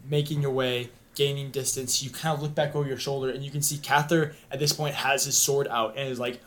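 A man's voice: medium pitch, little pitch movement, brisk, fairly bright tone. A man running a tabletop game as game master, narrating in a rambling way with many ums and uhs.

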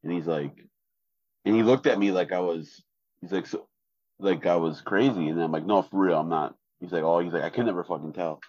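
A man, co-hosting a casual podcast chat in a flat, deadpan way with lots of fillers. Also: deep voice, a little fast, dry recording, muffled recording. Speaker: podcast co-host.

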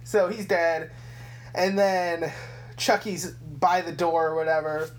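Slow and a little high in pitch, this young man's voice carries a meandering, profanity-laden movie recap. He's co-hosting a casual film podcast and keeps the storytelling lively.

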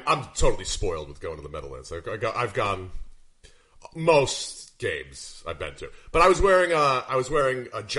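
A man's voice: medium pitch, bright, forceful tone. A man in casual chat who jokes and laughs while telling stories about going to games. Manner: laughing, joking storyteller.

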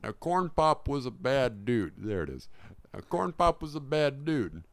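A man's voice: mid-range voice, big pitch swings, measured pace, no echo. A man doing a comedic impression of a rambling, cranky elderly male president in a put-on Southern US accent. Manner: rambling, loud, scolding.

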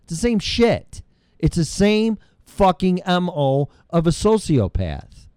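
A man's voice: high voice, big pitch swings, slow, dark tone, clear, resonant tone, dry recording, clean studio sound. A middle-aged man hosting his own show, delivering a heated, rambling monologue full of profanity. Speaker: show host. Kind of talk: ranting monologue.

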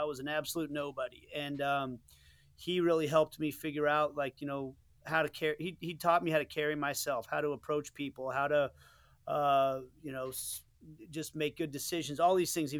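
A middle-aged man from the United States tells stories from his career in a relaxed interview, earnest and a little rambling, stopping to restart his sentences. His voice sits on the higher side and is recorded dry and close, with no room sound. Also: no echo. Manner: rambling and earnest, many restarts and "you know" asides. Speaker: soccer play-by-play commentator, guest. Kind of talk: casual interview storytelling.

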